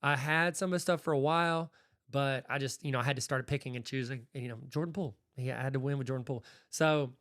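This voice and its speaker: A man's voice: medium pitch, quick pace. A man from Arkansas hosting a podcast, telling casual stories and acting out the exchanges he describes. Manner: animated, acts out quoted exchanges. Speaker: podcast host. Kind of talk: casual storytelling.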